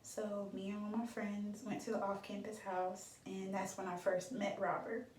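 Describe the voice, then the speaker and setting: A woman's voice: mid-range voice, level tone, moderate pace, darkish tone, distant mic, a little hiss or hum. A young woman in her twenties telling a dramatic storytime on her vlog, chatty and full of fillers. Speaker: beauty vlogger. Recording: echoey room, voice from off-mic.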